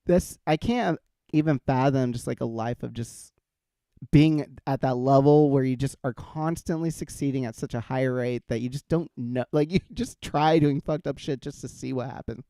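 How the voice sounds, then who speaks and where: A man hosts a loose, laughing chat, tossing out questions and rambling through stories full of fillers. His voice is mellow and smooth, and the recording is close and dry. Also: medium pitch, moderate pace, no echo. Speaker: podcast host. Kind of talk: casual chat.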